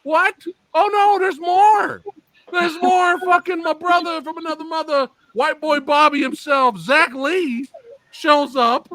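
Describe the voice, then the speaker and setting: A man hosting a podcast, telling a story in a loud, animated, profane way in casual chat. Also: very high voice, a little slow, no room sound. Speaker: podcast host.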